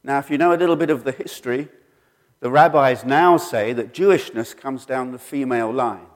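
A man's voice: medium pitch, fairly quick. A middle-aged man telling his personal faith story in an earnest, storytelling way, acting out the people he quotes. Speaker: speaker sharing his testimony. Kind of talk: personal testimony. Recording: long hall reverb.

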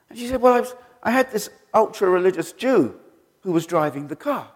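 A middle-aged man preaching a sermon, telling stories and acting out the quoted voices with sudden leaps in pitch. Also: brisk, hardly any pauses, slightly rough. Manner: animated, acts out quoted voices with jumps in pitch. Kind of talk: sermon storytelling. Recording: long hall reverb.

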